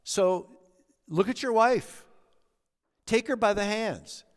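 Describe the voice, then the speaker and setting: A middle-aged man preaching a sermon as a pastor, earnest and anecdotal, moving between emphatic points and soft, quiet asides. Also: high-pitched, takes it slowly, clean tone. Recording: long hall reverb.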